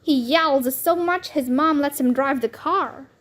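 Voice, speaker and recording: A woman's voice: sits high, measured pace. A woman voicing a matter-of-fact young schoolboy who tells tall tales, in a storybook read-aloud. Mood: boastful.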